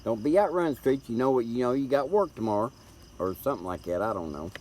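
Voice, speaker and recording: This is a livestream host, a middle-aged man from Tennessee with a Southern accent, talking quickly with lively intonation at a medium pitch. His tone is darkish, and the tablet's built-in mic adds a little hiss or hum. He chats in a folksy, rambling manner, repeating words.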